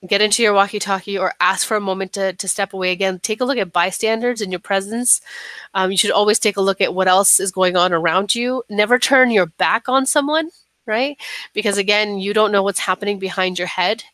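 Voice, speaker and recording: A woman trainer giving a calm, instructive staff training lecture, often checking in with "right?". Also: mid-range voice, fairly quick, no echo, rough recording.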